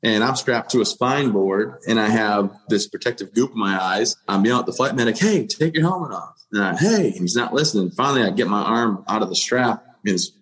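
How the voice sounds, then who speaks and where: A man in his thirties, an army veteran guest in an interview, telling his story in a steady, matter-of-fact way with dry humor. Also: lowish voice, fairly quick, few pauses, poor audio.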